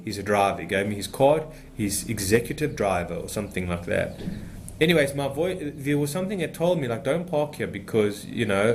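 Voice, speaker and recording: A man's voice: medium pitch, a little hiss or hum. A man giving an unscripted spiritual talk as a meditation teacher, speaking passionately and emphatically in a rambling way.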